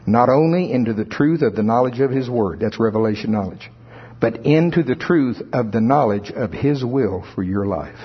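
A man preaching a sermon with a husky, slightly breathy voice at an ordinary pitch. His delivery is conversational, and he slips into the voices of churchgoers to make a point. The recording sounds dull and lo-fi. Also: lively intonation, moderate pace. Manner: conversational, playfully acts out congregants' voices.

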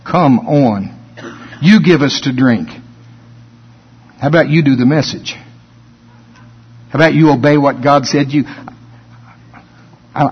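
A man preaching a sermon as a pastor, building up to shouted emphasis. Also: mid-range voice, slightly rough, in a large hall, muffled recording.

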